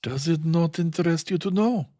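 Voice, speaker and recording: A man voicing a formal, fussy older male detective who speaks in an emphatic, deliberate way. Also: a little high, dark tone, no echo, voice pushed up, close to an everyday voice. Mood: insistent.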